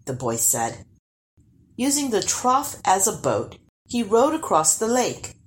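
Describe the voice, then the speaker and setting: A woman narrating a storybook aloud in an expressive, unhurried way. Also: mid-range voice.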